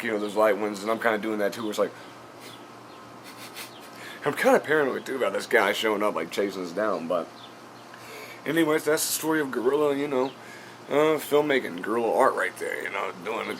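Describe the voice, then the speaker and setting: A man's voice: on the low side, expressive, a little fast, fairly bright tone, slight background noise. A man hosting a podcast, telling a casual story full of fillers and offhand swearing. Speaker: podcast host and comedian.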